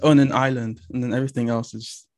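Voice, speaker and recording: A woman's voice: very deep voice, steady tone, racing, darkish tone. A woman from London with a London accent, a guest chatting casually and teasing with dry humor. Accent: London English. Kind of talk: casual chat.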